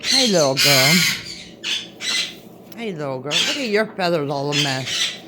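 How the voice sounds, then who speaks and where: A woman's voice: deep voice, sing-song, a little slow, very noisy. A woman talking baby talk to her pet parrots at home, coaxing them to step up and speak to the camera. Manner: sing-song baby talk to pet birds. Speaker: channel host showing her parrots. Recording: loud parrot squawks behind.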